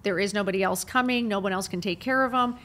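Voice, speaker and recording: Middle-aged woman guest; candid, animated storyteller with lots of filler phrases. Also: mid-range voice, fast. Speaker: podcast guest.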